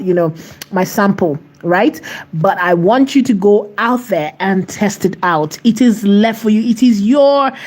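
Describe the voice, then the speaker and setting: A woman hosting a screen-share tutorial, chatty and emphatic, often repeating phrases and checking in with "right?", slowing down to dictate as she types. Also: medium pitch, a little mellow. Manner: slows to dictate while typing. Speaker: AI tutorial host.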